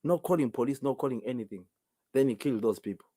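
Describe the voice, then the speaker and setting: A man's voice: mid-range voice, expressive, very fast, dark tone. A Zimbabwean man, a native Ndebele speaker, hosting a call-in talk show alone, emphatic and firing off rhetorical questions. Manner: emphatic, many rhetorical questions, repeats himself. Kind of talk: solo call-in show commentary.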